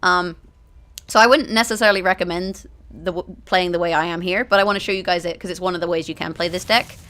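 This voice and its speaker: Her voice sits fairly low and stays fairly even, moving fast with a slightly bright quality. She's a gaming video host commenting on a card game as she plays, talking strategy to her audience and regularly correcting herself partway through sentences.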